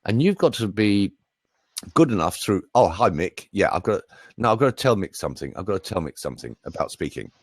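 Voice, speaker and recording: A man's voice: sits low, very animated, brisk, breathy edge, no echo, clean studio sound. A middle-aged British man, a voice coach, chatting in a jokey, show-off way. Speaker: voice coach and speaker. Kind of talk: casual live chat.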